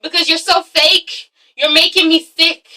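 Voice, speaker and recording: A woman's voice: very high-pitched, fairly even intonation, unhurried, pushed and bright, voice pushed up, exaggerated voice. A woman voicing a fed-up woman who answers bluntly and snappily, recorded a little distant from the mic. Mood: snapping.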